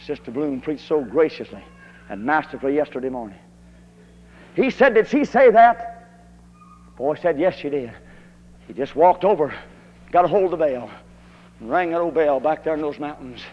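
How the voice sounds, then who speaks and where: A preacher from Kentucky, delivering a fiery old-time holiness sermon that rises to shouted emphasis. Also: male voice, fairly high pitch, a little hiss or hum. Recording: dull archival tape in a hall.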